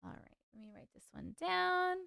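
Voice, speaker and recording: Chatty high-voiced woman hosting a livestream. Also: expressive, moderate pace, gravelly, bright, forceful tone, dry recording, studio quality. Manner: chatty, laughs often, stumbles over words. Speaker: livestream host reading viewer stories. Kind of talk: casual livestream chat.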